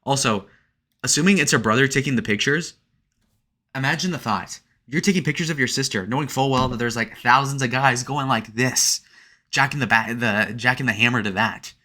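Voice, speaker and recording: A man's voice: mid-range voice, a little fast, sharp tone. A young man giving crude, sarcastic reaction commentary, full of "like" fillers. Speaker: online commentator.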